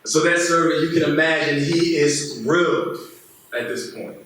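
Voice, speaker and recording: A man's voice: on the high side, normal speed, fairly bright tone. A man preaching a sermon as a pastor, retelling scripture as a casual modern-day story. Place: church hall. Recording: very echoey room, distant mic, faint noise.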